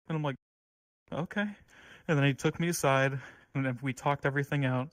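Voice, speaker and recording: A man giving an earnest, heartfelt eulogy at an online gathering, sometimes halting. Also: on the high side, fairly even intonation, dry recording, rough recording. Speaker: eulogy speaker.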